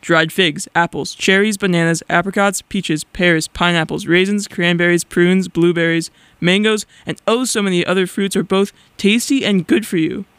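Cheery male announcer, read by a young man, slow bouncy promo delivery, smooth and dry. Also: high voice, fairly even intonation, a bit bright, dry recording. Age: young adult. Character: upbeat male public service announcer. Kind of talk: mock public service announcement.

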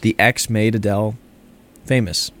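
A man's voice: lowish voice, fairly even intonation, moderate pace, a bit bright. Playful joking male co-host. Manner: playful, jokey, laughs often. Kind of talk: casual banter.

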